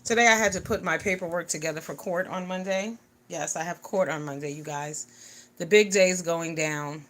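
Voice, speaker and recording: Woman livestreaming from home, bright tense voice, goes loud to hushed with her viewers. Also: on the low side, normal speed, a little hiss or hum. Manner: animated, greets viewers, swings from loud to quiet. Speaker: livestream vlogger. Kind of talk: casual livestream chat. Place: home in the US Northeast.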